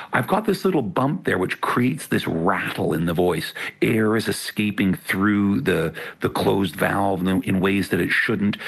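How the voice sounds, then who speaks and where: A middle-aged man with a gravelly, rattly voice that sits fairly low. He explains at length in a measured, patient manner, with some huskiness in the tone. He is a guest in an interview conversation. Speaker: author guest.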